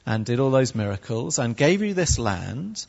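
A preacher reading out a stern, solemn God in a measured, declaiming way. The sound is dull and echoey, like in a big hall, with a husky edge. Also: male voice, mid-range voice, big pitch swings, a little mellow.

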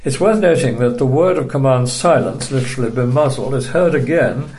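A man teaching a recorded Bible study lecture, measured and emphatic, dryly dismissive of opposing views. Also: mid-range voice, expressive, darkish tone, a little hiss or hum.

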